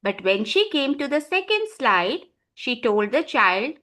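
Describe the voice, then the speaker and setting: Bright woman training teachers. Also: on the high side, sing-song, measured pace. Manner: directive, quizzes participants by name.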